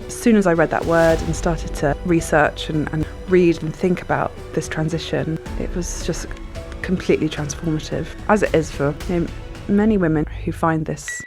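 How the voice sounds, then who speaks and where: A woman's voice: low voice, steady tone, normal speed, few pauses, music in the background. A woman, speaking as an author guest in a reflective, thoughtful way with frequent hesitations. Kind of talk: conversational interview.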